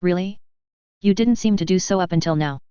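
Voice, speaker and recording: A woman voicing a dry-humored young male survivor in a story reading, low and smooth, on dull lo-fi audio. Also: a little fast, no room sound, close to an everyday voice. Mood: wry. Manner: flat, wry, joking.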